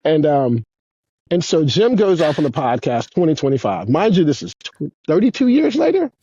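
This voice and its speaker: A man in his fifties, a guest on an interview show, telling rambling, profane stories in a casual, animated way. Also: fairly high pitch, moderate pace, slightly rough, muffled recording. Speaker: guest, former pro skateboarder. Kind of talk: casual storytelling.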